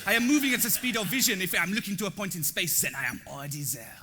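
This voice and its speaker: A man's voice: sits high, very animated, rapid-fire, bright, forceful tone, faint music behind, pitched above the performer's own voice, heavily acted. A man voicing a dreamy, intense French woman choreographer with an exaggerated put-on French accent. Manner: self-mocking, exaggerated. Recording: echoey hall.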